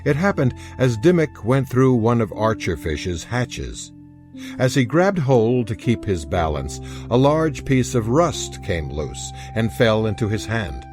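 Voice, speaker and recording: A man narrating a historical audiobook in an expressive storytelling manner. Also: lowish voice. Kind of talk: scripted narration.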